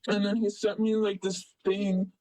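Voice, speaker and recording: A young man telling a story casually as an interviewee, rambling with many fillers and animated retellings. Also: high voice, measured pace, no room sound, rough recording.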